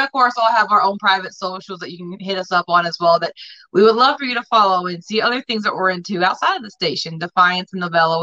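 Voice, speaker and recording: Upbeat bright woman on a dull line. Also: mid-range voice. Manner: upbeat promo wrap-up. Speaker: co-host of a music radio show. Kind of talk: casual chat. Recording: dull lo-fi sound.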